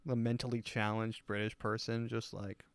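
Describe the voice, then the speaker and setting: A man's voice: lowish voice, little pitch movement, normal speed, clean tone, dry recording. A man hosting his own podcast, rambling through a crude, self-amused comedic monologue. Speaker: podcast host.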